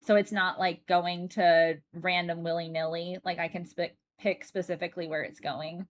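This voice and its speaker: A woman's voice: on the low side, level tone, normal speed, slight background noise. A woman livestreaming, chatting casually with her viewers, chatty and rambling with frequent fillers and restarts. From United States. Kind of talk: casual chat while reading chat.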